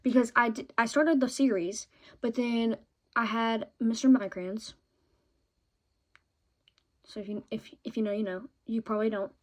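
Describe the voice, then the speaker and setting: A young woman vlogging in a chatty, excitable way about her favorite shows and books, often ending points with "okay?". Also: fairly high pitch, moderate pace, pauses often.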